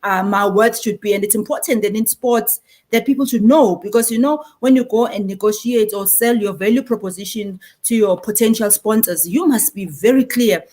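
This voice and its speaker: On a conference panel, a marketing speaker in her forties talks animatedly, her South African accent carrying a Zulu inflection. She slips in Zulu phrases, her voice medium in pitch and her speed normal.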